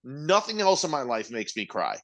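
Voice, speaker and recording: A man's voice: medium pitch, very animated, moderate pace, a bit bright. A young man co-hosting a podcast in casual chat, rambling loosely and swearing freely. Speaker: podcast co-host.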